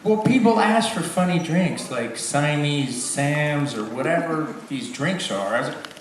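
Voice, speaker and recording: A man's voice: fairly high pitch, lively intonation, measured pace, noisy background. A man answering audience questions at a convention, telling self-mocking stories with frequent laughs. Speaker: convention guest actor. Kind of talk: casual Q&A storytelling. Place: convention hall. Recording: echoey hall, far from mic, crowd. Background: crowd.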